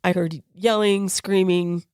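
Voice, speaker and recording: Woman podcast co-host with a lowish voice, a lively storyteller who does the other voices, recorded close and dry. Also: unhurried, clean tone, dry recording. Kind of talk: personal storytelling in casual chat.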